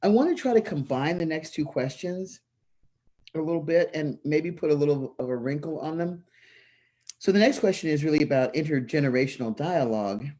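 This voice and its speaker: A panel moderator who speaks earnestly and frankly, framing questions with personal examples over a video call. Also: male voice, a little high, lively intonation, a little fast, warm tone. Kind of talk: panel discussion.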